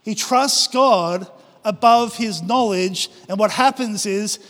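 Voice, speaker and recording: In a long-reverberating hall, a pastor gives an impassioned sermon to his church in a high, fairly bright voice at a slow pace. He acts out the prayers and quotes he brings up.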